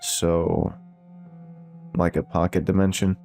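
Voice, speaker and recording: A man's voice: deep voice, little pitch movement, takes it slowly, mellow, soft background music. A man voicing a humorless, bearded army general with a German accent, blunt and skeptical.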